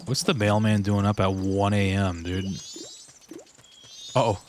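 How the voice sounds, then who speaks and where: Laid-back gamer dude commentating. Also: male voice, fairly low pitch, little pitch movement, measured pace, slight background noise. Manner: laid-back, slangy, says "dude" often. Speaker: streamer. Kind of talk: live gameplay commentary.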